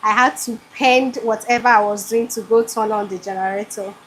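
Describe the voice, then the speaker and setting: A woman's voice: a little high, steady tone, moderate pace, a bit bright, a little hiss or hum. A Nigerian woman hosting a live cooking stream from her home kitchen, talking to her viewers in an effusive way, with a generator running behind her. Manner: effusive, talks straight to viewers. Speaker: cooking show host.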